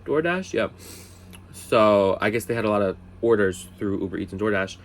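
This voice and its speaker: A man telling a casual storytime vlog from his bed, animated, jumping high for quoted lines and exclamations, then dropping into quiet asides, a little tipsy. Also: normal speed, slight background noise. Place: bedroom, sitting on the bed.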